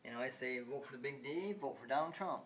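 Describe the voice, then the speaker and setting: Rambling, halting man vlogging. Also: mid-range voice, fairly bright tone, a little hiss or hum. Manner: halting and repetitive, many restarts. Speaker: video game vlogger. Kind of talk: rambling home video chat.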